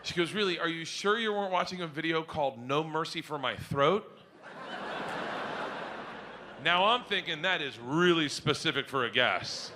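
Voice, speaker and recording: A man doing a stand-up comedy set, telling a story loudly and acting out the other people in it with shouted voices. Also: on the high side, moderate pace, pauses often, noisy background. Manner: loud, animated storytelling that jumps into shouted voices. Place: comedy club stage before an audience.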